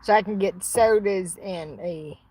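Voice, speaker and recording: A woman's voice: mid-range voice, a little slow, warm tone, slight background noise. A woman from Arkansas, chatting bluntly and rambling on a casual livestream, answering her chat.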